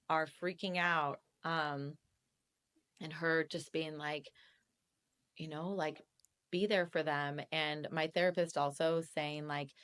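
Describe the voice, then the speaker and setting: A woman guest on a podcast, telling candid personal stories in an animated, conversational way and laughing often. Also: low-pitched. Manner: animated, laughs often, acts out quoted voices. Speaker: real estate agent, podcast guest.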